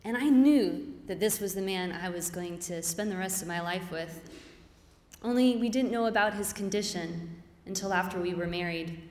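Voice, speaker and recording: A woman giving an earnest, reflective personal story on stage before a live audience. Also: medium pitch. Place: stage in a hall. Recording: reverberant hall.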